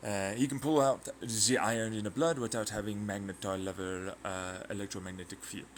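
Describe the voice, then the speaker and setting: A man hosting his own channel, talking through a rambling, excitable science monologue full of tangents, sound effects and swearing. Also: on the low side, brisk, slight background noise. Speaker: channel host.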